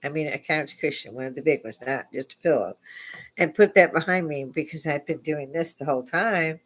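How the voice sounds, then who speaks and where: A woman's voice: sits low, normal speed. A middle-aged woman telling a story live at a bar, blunt and profane, laughing often.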